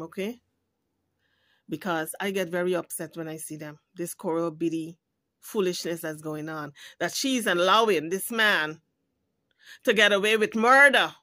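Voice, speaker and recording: A woman's voice: fairly low pitch, pushed and bright, dry recording. A woman hosting a commentary video, ranting indignantly and scolding, with frequent swearing. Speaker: YouTube commentary host. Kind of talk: heated commentary rant.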